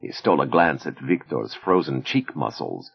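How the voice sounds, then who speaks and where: A man narrating an audiobook in a measured, expressive storytelling manner. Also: rumbling low, vocal fry, breathy edge, dull audio.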